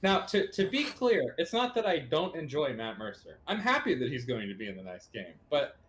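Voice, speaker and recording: A man on a gaming stream rambles with excitement, stumbling over his words. His pitch swings widely, with faint noise in the background. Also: normal speed. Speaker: co-host. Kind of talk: casual chat.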